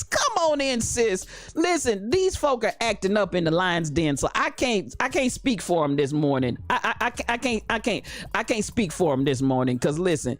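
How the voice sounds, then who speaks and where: A woman hosting a live chat show in a dialect, animated and laughing often as she chats with her listeners by name. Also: lowish voice, moderate pace, few pauses, no room sound. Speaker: host. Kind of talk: lively live-stream chat.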